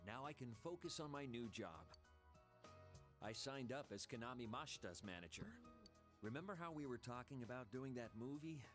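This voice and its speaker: An actor voicing a calm, persuasive male talent manager. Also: medium pitch, lightly acted. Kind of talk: game voice acting.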